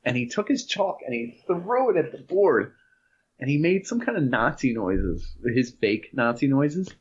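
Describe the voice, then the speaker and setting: A man's voice: medium pitch, very animated, moderate pace, husky. Man, 30s, podcast co-host, laughs through anecdotes, muffled lo-fi sound. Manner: laughs while telling stories. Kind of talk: casual chat. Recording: dull lo-fi sound.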